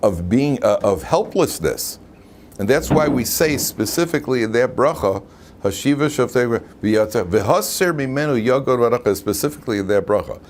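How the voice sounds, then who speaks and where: A man, a rabbi, teaching an informal Torah class in a lively way, often asking his students questions. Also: medium pitch. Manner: lively, asks the class questions, frequent "right?".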